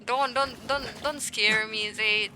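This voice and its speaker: A woman's voice: on the high side, steady tone, takes it slowly, noisy background. A woman streaming a game, chatting with viewers in a playful, teasing way. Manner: playful, teasing, talks back to chat. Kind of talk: casual gaming stream chat.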